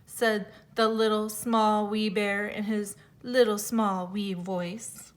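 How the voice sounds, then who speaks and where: A woman teacher reading a fairy tale aloud to children, expressive, with small slips and self-corrections. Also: medium pitch, slow, few pauses.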